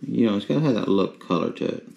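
A man with a lowish voice rambles easily through a home cooking session, talking half to himself and half to his viewers. Clear background noise sits behind his voice. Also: animated, quick pace, a little mellow, low-quality recording. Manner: chatty, rambling, self-talk while cooking. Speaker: cooking ASMR host. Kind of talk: casual cooking chat.

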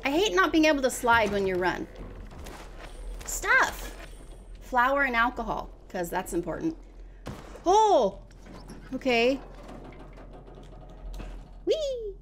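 A woman streaming a co-op game, giving casual commentary in an excitable manner, often exclaiming and laughing. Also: on the high side, slight background noise. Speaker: gaming streamer.

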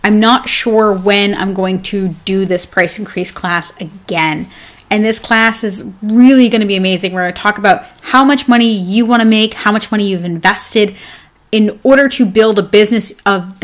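Teaching a relaxed live class for pet groomers from her home, with her dog close by, a woman speaks in a medium-pitched, somewhat bright voice. Her delivery is upbeat and talkative, full of rambling and fillers.

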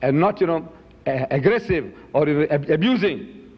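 A man's voice: a little high, expressive, unhurried, slightly rough. Emphatic man lecturing in a reverberant hall. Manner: emphatic, rhetorical, repeats questions. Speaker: lecturer answering audience questions. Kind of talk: public debate Q&A. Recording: dull lo-fi hall with long reverb.

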